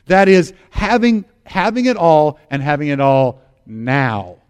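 A man's voice: a little high, unhurried, clean tone. A middle-aged American man preaching a sermon as pastor, earnest and emphatic, repeating phrases for stress.

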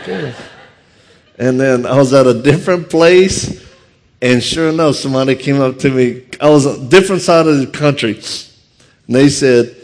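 A man with a thick Louisiana accent tells stories from a stage, quick and animated. His voice sits at an ordinary middle pitch, and he pokes fun at himself as he talks. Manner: fast, animated, self-deprecating. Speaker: martial arts instructor and speaker. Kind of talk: humorous storytelling talk. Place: on stage before an audience.

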